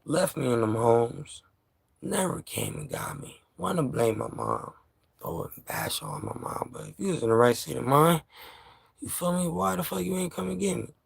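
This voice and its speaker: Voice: mid-range voice, big pitch swings, moderate pace, vocal fry, breathy edge, no room sound, studio quality. A vlogger from New York ranting to camera in casual, profane street slang, heated and laughing by turns.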